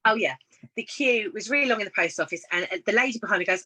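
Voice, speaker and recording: Brief: woman guest, mid-pitched bright voice, encouraging storyteller in a casual live chat. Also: expressive, fast, slightly rough, poor audio. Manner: storytelling, encouraging, acts out quoted dialogue. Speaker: guest business consultant.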